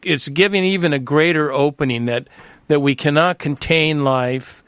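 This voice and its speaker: A man's voice: on the high side, normal speed, a bit bright, clean tone, dry recording. A man hosting a reflective conversation, affirming and thoughtful as he draws out his guest. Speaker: host.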